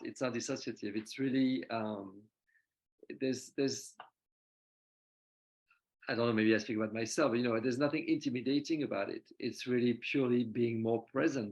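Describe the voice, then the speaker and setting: A man with a non-native English accent talking earnestly and reflectively, repeating words and pausing to find them. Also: mid-range voice, a little mellow, poor audio. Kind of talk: reflective conversation.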